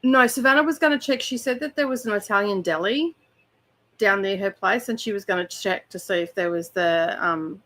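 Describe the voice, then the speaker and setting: A woman's voice: medium pitch, brisk, bright, forceful tone. A woman co-hosting a casual book club livestream, easygoing and laughing along, fighting a cold. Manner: easygoing, laughs along, short agreeing replies. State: has a cold. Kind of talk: casual chat.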